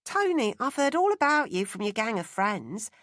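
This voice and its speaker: A woman's voice: on the high side, sing-song, normal speed, fairly bright tone, no room sound, clean studio sound, voice pushed up. A woman reading an audiobook, voicing a friendly young woman with a Cockney accent who coaxes a boy. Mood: coaxing. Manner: coaxing, friendly.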